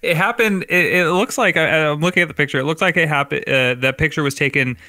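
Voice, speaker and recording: A man co-hosting a podcast in relaxed casual chat, rambling with lots of fillers and frequent laughter. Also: on the high side, quick pace, no echo. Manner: laid-back, rambling, laughs often, filler-heavy. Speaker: podcast co-host.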